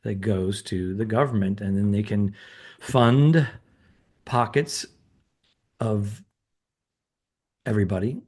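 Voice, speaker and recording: A comedian in casual podcast chat, sharing opinions and telling stories in an animated way. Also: male voice, lowish voice, takes it slowly, long pauses, slightly rough.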